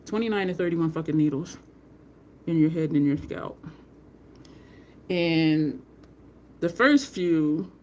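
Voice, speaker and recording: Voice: medium pitch, slow pace, pauses often, a little mellow, a little hiss or hum. A makeup tutorial host chatting casually while working, rambling through stories with frequent laughs and greeting live viewers by name.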